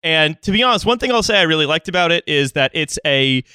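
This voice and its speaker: A man's voice: a little high, expressive, fast, bright, forceful tone, clear, resonant tone, no echo. A man hosting a podcast, talking casually and rambling with lots of fillers. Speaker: podcast host. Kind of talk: casual comedic chat.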